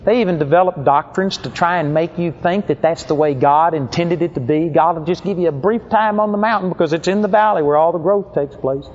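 A man's voice: fairly quick, hardly any pauses. A man preaching a sermon, telling stories and acting out the people in them. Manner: animated storytelling, acts out quoted people in higher voices. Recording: dull lo-fi recording.

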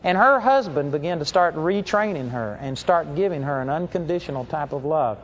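A man's voice: moderate pace, a little hiss or hum. A man preaching a sermon, telling stories and acting out the people in them. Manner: animated storytelling, acts out quoted people in higher voices. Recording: dull lo-fi recording.

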